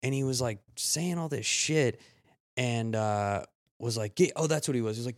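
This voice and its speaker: A man in his thirties, a podcast co-host, telling rambling stories in casual chat, swearing often and jumping up in pitch when he quotes someone. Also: moderate pace, no echo, studio quality.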